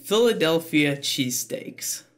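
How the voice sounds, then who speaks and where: A man hosting an esports interview podcast, opening with a scripted intro and then asking questions in an eager way, stumbling over his words when excited. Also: fairly high pitch, a little slow. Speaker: podcast host.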